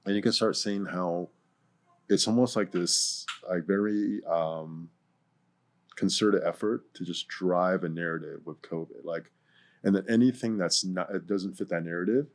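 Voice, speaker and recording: A man as a guest in a casual discussion, rambling and hesitant, full of fillers like "like" and "right". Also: low voice.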